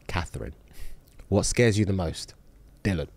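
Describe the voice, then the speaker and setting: A young man co-hosting a podcast in casual chat, laid-back and quick with short reactions. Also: low-pitched, gravelly, a little mellow, dry recording. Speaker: podcast co-host.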